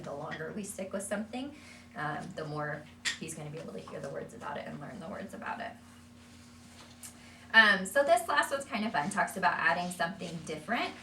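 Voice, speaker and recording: Brief: woman therapist talking parents through language tips, relaxed and filler-heavy, recorded from across a noisy, echoey room. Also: deep voice. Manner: conversational, many fillers. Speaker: early childhood speech therapist. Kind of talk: explaining strategies to parents. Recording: echoey room, from far off, background noise.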